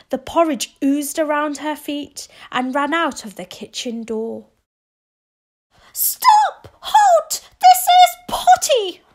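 Slow, expressive woman reading a storybook. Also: fairly high pitch. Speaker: children's story reader. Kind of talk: reading a picture book aloud.

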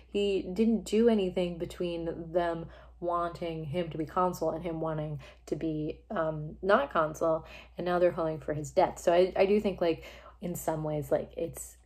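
A woman speaking into a phone in a loose, informal way, full of fillers and rough asides. She talks through a play as casual commentary. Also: lowish voice, normal speed, a little mellow. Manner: chatty and informal, swears, filler-heavy. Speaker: video creator summarizing a play.

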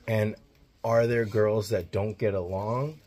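A man's voice: fairly low pitch, fairly even intonation, slow, darkish tone. A man hosting an animal rescue vlog, talking earnestly and explaining animal care as he goes. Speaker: host of animal rescue channel. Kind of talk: casual on-location vlog chat.

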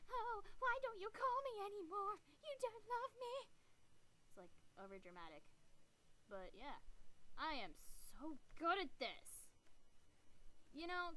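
A teenage girl commenting on her gameplay, excitable and exasperated, with sarcastic remarks. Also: fairly high pitch, a little hiss or hum, poor audio. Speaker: gamer. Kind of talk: let's play commentary.

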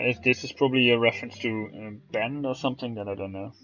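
A man's voice: medium pitch, fairly even intonation, quick pace, hardly any pauses, a bit bright, dull audio. A man streaming a game, chatting and teasing friends in casual commentary. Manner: joking, teasing banter.

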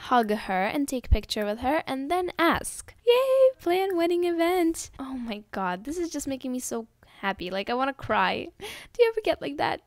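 A young woman giving casual gameplay commentary, excitable and gushing as she talks to her viewers. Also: high voice, moderate pace, few pauses, no room sound. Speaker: gaming video host.

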